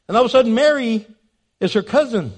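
A man preaching a sermon, animated and jokey, acting out the scenes he describes. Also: very high voice, fast talker. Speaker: pastor.

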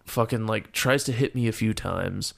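Gravelly young man telling a wild story. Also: on the low side, normal speed. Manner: profane, animated storytelling with loud shouted outbursts and laughter. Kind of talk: casual storytelling chat.

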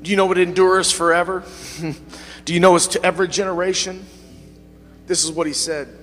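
High-voiced pastor preaching in a reverberant church. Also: male voice, level tone, brisk, a bit bright, faint music behind. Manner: call-and-response preaching, rising to fervent peaks. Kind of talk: sermon. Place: church sanctuary.

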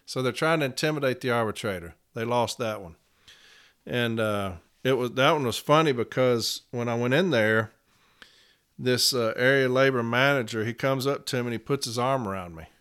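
A man speaking as a union representative in a casual podcast monologue. He tells his account plainly and repeats case numbers slowly. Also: mid-range voice, a bit bright, smooth.

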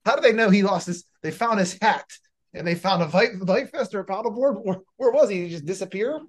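A man co-hosting a podcast, chatting casually and firing off animated rhetorical questions. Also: high-pitched, fast. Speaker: podcast co-host. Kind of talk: casual political chat.

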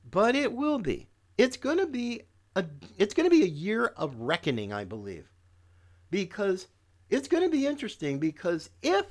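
A woman hosting a political talk show, giving a combative, sarcastic monologue aimed at her listeners. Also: medium pitch. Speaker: podcast host.

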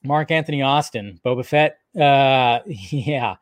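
A man's voice: medium pitch, takes it slowly. A man hosting a casual live video chat, answering viewer comments in a loose, rambling way with lots of fillers and restarts. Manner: loose and offhand, swears casually. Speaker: host of a live video show.

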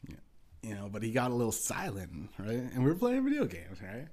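A man's voice: on the low side, very animated, brisk, warm tone. Rambling, profane male podcast host. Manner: rambling, profane, lots of restarts. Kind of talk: casual storytelling.

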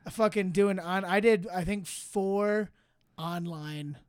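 A man's voice: sits high, slow, a little mellow, clean tone, no echo, clean studio sound. A man hosting a comedy podcast, telling stories in casual chat, swearing freely and laughing often.

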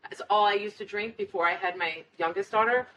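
A woman's voice: medium pitch, fairly quick, a bit bright, far from the mic, lo-fi sound. A woman hosts a casual interview in an upbeat way and laughs easily. Her voice sits a little away from the mic. Faint hiss runs under it. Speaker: podcast host.

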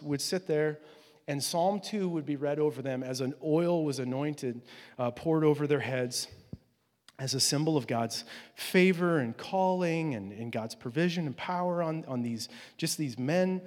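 A male pastor giving a conversational sermon, swelling to emphatic peaks as he drives his points home. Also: on the high side. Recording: long hall reverb.

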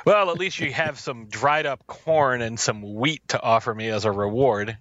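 A man co-hosts a film podcast, chatting casually and jokingly as he rambles with plenty of fillers. His medium-pitched voice moves at a moderate pace and sounds a bit bright. The recording is dry with a lo-fi quality.

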